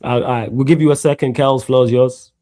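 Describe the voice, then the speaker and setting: A man's voice: medium pitch, steady tone, brisk, warm tone. A man hosting a live online chat, bantering and laughing with slang. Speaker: host. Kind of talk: casual live stream chat.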